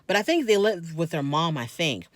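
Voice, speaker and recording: A woman's voice: low voice, sing-song, moderate pace, no echo, clean studio sound. A woman hosting a casual recap of a reality TV episode, chatty and opinionated, talking straight to her viewers. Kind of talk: casual commentary.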